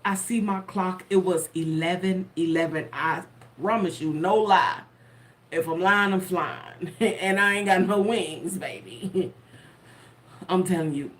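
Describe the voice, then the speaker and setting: Woman tarot vlogger, unhurried and playful, laughs a lot. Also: on the low side. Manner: animated, laughing often, chatty and playful. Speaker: tarot content creator. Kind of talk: casual storytelling to camera.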